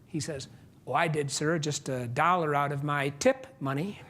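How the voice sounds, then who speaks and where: A man giving a motivational speech on stage, telling a story and acting out both sides of a conversation, with sudden drops to a hush and jumps to loud. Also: a little high, noisy background. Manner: animated storytelling, acts out dialogue, big swings between loud and quiet; asks the audience questions and pauses for punchlines. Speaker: keynote speaker and author. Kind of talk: motivational speech to a live audience. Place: stage before a large audience.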